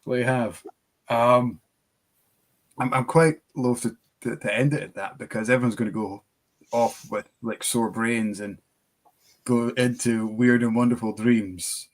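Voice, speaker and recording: A man's voice: medium pitch, steady tone, a little slow. A man co-hosting a casual whisky chat, rambling with hesitant restarts and dry humour. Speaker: whisky shop co-host.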